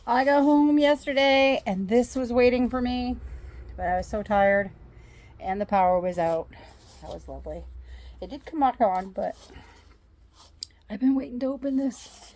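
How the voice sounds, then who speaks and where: A woman's voice: medium pitch, lively intonation, normal speed, gravelly, a little mellow, no room sound. A woman chatting eagerly at home in a casual reading diary, full of rambling asides. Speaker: book vlogger.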